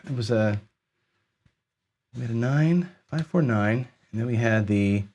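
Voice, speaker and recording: A man hosting a gambling channel talks loosely into a desk mic as he plays, in an ordinary middle-pitched voice. He is chatty and self-correcting, repeating words for emphasis. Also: a bit bright, a little hiss or hum. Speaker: craps channel host. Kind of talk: casual livestream commentary on a dice game.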